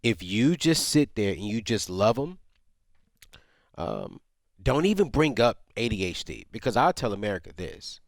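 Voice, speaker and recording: Co-host, male, low-pitched, heartfelt and fervent, close dry mic. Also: wildly swooping pitch, moderate pace, vocal fry, no echo. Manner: passionate, heartfelt, many restarts. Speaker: radio show co-host. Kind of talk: emotional advice to a caller.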